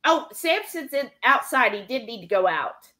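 A woman's voice: fairly high pitch, big pitch swings, moderate pace, sharp tone. A woman hosting a live cooking stream from her home kitchen, chatting casually and rambling as she reads viewer comments aloud. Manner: chatty and rambling, with many fillers. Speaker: livestream cooking host.

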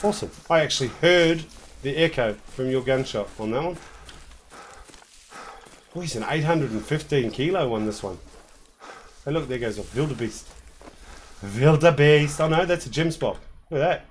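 A man's voice: mid-range voice, lively intonation, moderate pace, long pauses, a little hiss or hum. A man with a New Zealand accent hosting a game stream, joking and rambling as he chats with his co-player and viewers. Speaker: streamer host. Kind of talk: casual gameplay commentary.

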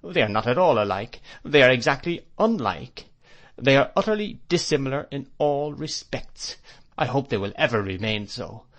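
A man's voice: lowish voice, expressive, a little fast, few pauses. A man voicing a stern, cold, disapproving spinster woman in an audiobook reading, with clipped, scolding lines. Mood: scornful.

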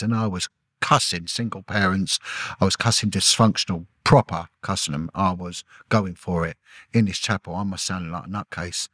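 Middle aged guy, low voice, dry sound, intense emotional storytelling, keeps repeating himself. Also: steady tone, moderate pace, a bit bright, no room sound. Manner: intense, repetitive, acts out quoted dialogue. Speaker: podcast guest, former police detective.

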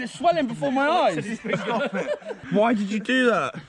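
A man on a mountain bike ride, laughing and swearing through pain in casual banter, yelping loudly. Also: very high-pitched, sing-song, unhurried. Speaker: mountain biker. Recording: outdoor clip with group chatter.

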